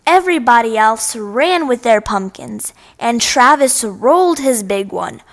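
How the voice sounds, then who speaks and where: A woman reading a children's picture book aloud, expressive and playful with sound effects. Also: a little high, measured pace. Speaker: storyteller. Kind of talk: children's story read-aloud.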